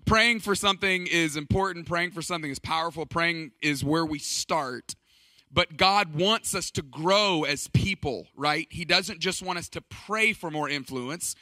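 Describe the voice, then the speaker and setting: A man's voice: high-pitched, pushed and bright, dry recording. A middle-aged man speaking at a church leadership conference, telling stories in an emphatic, conversational way. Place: church stage.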